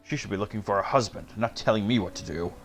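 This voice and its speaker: A man voicing a scornful, grumbling male smith from a game, talking quickly and dismissively. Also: lowish voice, lightly acted. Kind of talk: game text read aloud with voices.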